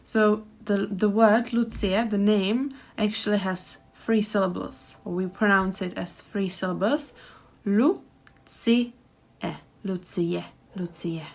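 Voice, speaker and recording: A woman's voice: medium pitch, little pitch movement, unhurried, hardly any pauses. A young woman with a Czech accent, teaching pronunciation and repeating words carefully for learners. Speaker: language teacher. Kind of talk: pronunciation lesson.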